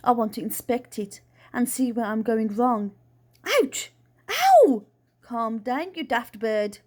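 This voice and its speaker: A woman playing a frantic, squeaky eccentric dad. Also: steady tone, a little slow, a little mellow, lightly acted. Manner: yelps and high-pitched cries. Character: excitable eccentric father chasing a crow.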